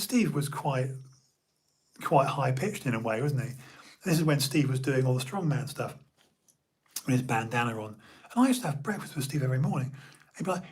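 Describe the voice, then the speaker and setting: A man's voice: a little high, expressive, brisk, darkish tone, slightly rough. A middle-aged man from Bournemouth, telling old stories in a rambling casual chat full of fillers and restarts. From Bournemouth, England.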